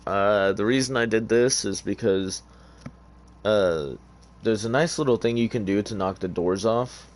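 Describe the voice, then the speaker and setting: A man's voice: lowish voice, measured pace, slight background noise. A tired man giving casual, rambling gameplay commentary in an offhand, hesitant way. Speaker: gamer.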